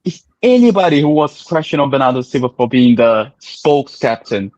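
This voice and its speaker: A man's voice: medium pitch, animated, a little fast, a little mellow, dry recording, lo-fi sound. A man joining a casual fan stream over a video call. He talks bluntly and swears freely.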